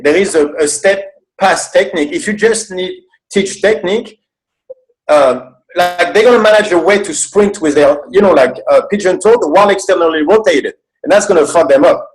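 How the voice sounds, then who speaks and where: A man's voice: high-pitched, moderate pace, rough recording. A man with a French accent, a guest strength coach on a podcast, explaining training with earnest, plain-spoken detail. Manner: earnest, explanatory, swears casually.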